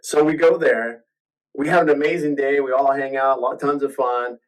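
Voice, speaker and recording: A man's voice: mid-range voice, fairly even intonation, moderate pace, far from the mic, rough recording. A man hosting a podcast, telling a personal story in a casual, rambling way, full of restarts and acted-out quotes. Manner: rambling, restarts often, acts out quoted voices.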